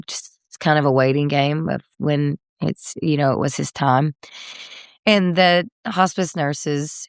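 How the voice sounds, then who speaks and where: A woman in her thirties, a singer guest in a candid interview, telling a personal story with many fillers and soft laughs. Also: sits low, vocal fry, clean tone, no room sound, studio quality.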